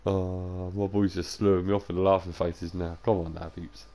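A man's voice: low voice, flat delivery, moderate pace, warm tone. A tired young man chatting loosely and swearing to his viewers during a live game stream. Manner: loose, sweary banter to chat, drifting into sing-song and whispers.

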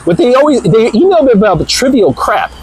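A man's voice: extremely high pitch, sing-song, a little fast, a little mellow, breathy edge, rough recording. A man hosting a motivational vlog, talking energetically and emphatically in a rambling way, recorded at a gym on a clip-on mic. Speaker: channel host. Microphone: clip-on body mic.

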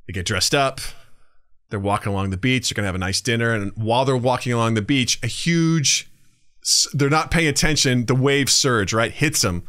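A man co-hosting a podcast, telling a shaggy-dog joke deadpan and acting out the characters with sudden shouts. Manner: acts out characters with big pitch jumps and shouts. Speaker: podcast co-host.

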